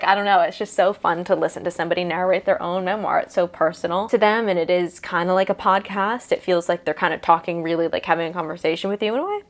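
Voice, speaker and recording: A young woman chatting casually to camera about books, with lots of filler words. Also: lowish voice. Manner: chatty, filler-heavy, many "like"s. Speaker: book vlogger.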